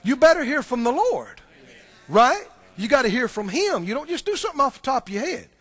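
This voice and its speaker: A man's voice: extremely high pitch, big pitch swings, quick pace, fairly bright tone, breathy edge. A male preacher giving a sermon, animatedly quizzing the congregation in a church.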